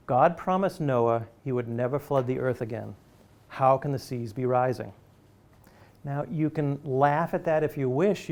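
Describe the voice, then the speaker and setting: A man's voice: fairly high pitch, darkish tone. A man giving a public lecture to an audience, talking in an emphatic, conversational and persuasive way. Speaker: university lecturer.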